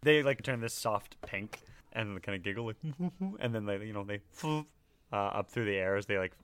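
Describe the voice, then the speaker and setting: A man's voice: fairly low pitch, animated, normal speed, a bit bright, clean tone, no room sound. Laid-back male game master, dry sound. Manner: casual, laughing, lots of fillers. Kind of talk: narrating a tabletop game.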